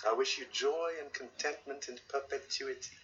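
An actor playing a warm male friend giving a wedding toast, earnest and gently joking. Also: mid-range voice, fairly even intonation, normal speed, close to an everyday voice. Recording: muffled, distant TV audio with faint hiss.

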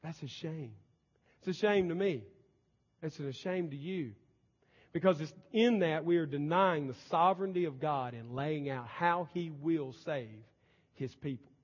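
A male pastor preaching a sermon emphatically, his volume swinging between loud and soft. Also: fairly high pitch, unhurried. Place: church sanctuary. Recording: dull lo-fi church recording with long reverb.

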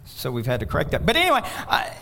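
A male pastor preaching a sermon, swinging from loud exhortation to hushed asides. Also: mid-range voice, huge pitch swings, fast, gravelly.

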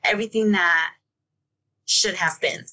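A woman telling a personal story as an interview guest, halting and repeating herself, saying "like" often. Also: fairly low pitch, pushed and bright. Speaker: guest, bereaved mother.

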